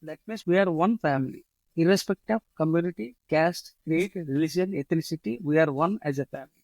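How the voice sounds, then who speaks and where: A man with an Indian English accent, a guest speaking spontaneously in an interview, repeating his motto and pausing often with fillers. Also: on the high side, gravelly, a little mellow, no room sound, poor audio. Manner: repeats his slogans, halting with many fillers. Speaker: guest, leadership author.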